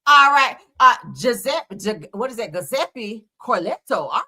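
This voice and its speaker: Sassy bright-voiced woman gossiping. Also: fairly high pitch, animated, moderate pace. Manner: sassy, dramatic exclamations. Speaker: gossip commentator. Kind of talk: casual gossip commentary.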